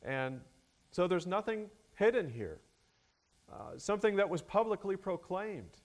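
A male preacher working through a scripture passage at an unhurried pace. His voice sits a little high for a man. He leans into key words with added force and pads his phrasing with fillers. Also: very animated. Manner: slow, measured delivery with many fillers, rising emphasis on key words. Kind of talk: expository sermon.

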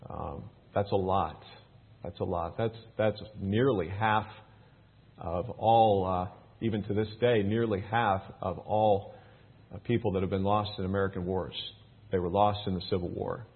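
A man teaching a Bible passage, reading the verses aloud with lifted emphasis, then explaining them in a relaxed, folksy way with plenty of fillers. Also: sits low, measured pace, vocal fry, slightly rough. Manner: reads scripture louder and more raised, explains in a relaxed folksy way with fillers. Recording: tinny phone-like sound.

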